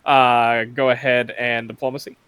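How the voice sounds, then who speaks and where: A man narrating a tabletop game as game master, in a relaxed, laid-back way. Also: mid-range voice, moderate pace, clear, resonant tone, no echo.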